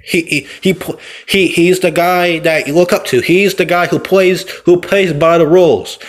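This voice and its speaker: A man's voice: high-pitched, fairly even intonation, moderate pace. A man, a wrestler, giving a casual, rambling opinion vlog while playing a game, often backtracking and correcting himself. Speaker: wrestler and vlogger.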